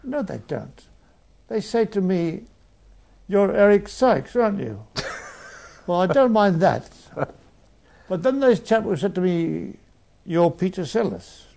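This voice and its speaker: A man's voice: sits high, big pitch swings, measured pace, gravelly, long pauses, warm tone. An older man telling rambling, self-mocking anecdotes as an interview guest. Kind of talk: conversational interview. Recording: archive broadcast.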